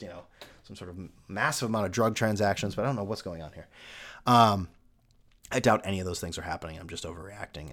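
A young man hosting a solo podcast, rambling sarcastically from topic to topic with lots of fillers. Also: fairly low pitch. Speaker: podcast host. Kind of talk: casual solo podcast rant.

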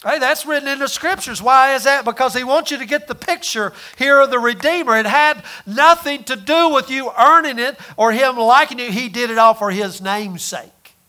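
A male preacher with a very high, bright voice delivers a sermon in a folksy manner. He stumbles over repeated words and fires off rhetorical questions. His volume swings from loud declarations down to near-murmurs. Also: normal speed, hardly any pauses.

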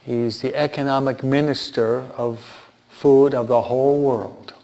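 A man's voice: mid-range voice, fairly even intonation, unhurried, mellow. A man giving informal Bible teaching who asks his listeners rhetorical questions and repeats key points for emphasis. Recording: dull lo-fi recording.

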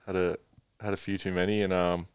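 Deep-voiced, laid-back young man. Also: level tone, fairly quick, clear, resonant tone, no echo, clean studio sound. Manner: laid-back, rambling, swears freely. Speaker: guest. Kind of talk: casual storytelling.

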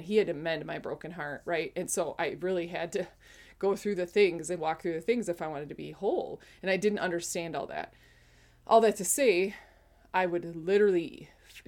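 Woman, low voice, forties, casual testimony, rambling, self-correcting. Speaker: speaker sharing a spiritual testimony.

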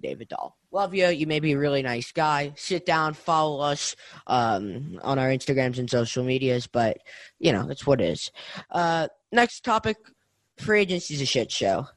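A man's voice: medium pitch, animated, moderate pace, no echo. Young guy on a sports podcast, heated rant, keeps repeating himself, dry close sound. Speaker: podcast co-host. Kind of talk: casual sports podcast chat.

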